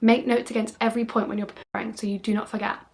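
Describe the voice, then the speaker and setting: A woman's voice: a little high, fast. A woman from the UK teaching an exam lesson in an upbeat, emphatic way, often checking in with the listener. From United Kingdom. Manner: animated, playing up phrases with dramatic tone. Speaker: French exam tutor. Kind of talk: video lesson monologue.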